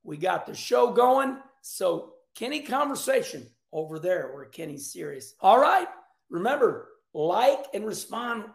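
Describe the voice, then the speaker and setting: A middle-aged man hosts a casual racing talk show, animated and folksy with loud outbursts. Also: high-pitched, unhurried, creaky. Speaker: show host. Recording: echoey room.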